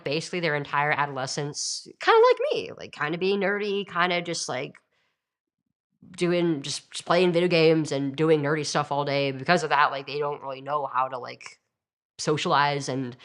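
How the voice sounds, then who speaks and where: A woman's voice: deep voice, a bit bright. A young woman talking as a guest over a remote call, hesitant and filling her sentences with "like". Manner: hesitant, lots of "like". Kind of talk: casual chat. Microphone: remote call over satellite internet.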